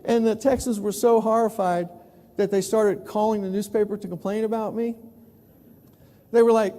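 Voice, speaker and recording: A man in his sixties from New York City, giving an animated storytelling keynote talk. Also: sits high, normal speed. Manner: animated, acts out other people's voices. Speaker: keynote speaker, newspaper columnist. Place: large conference hall. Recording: echoey hall with long reverb.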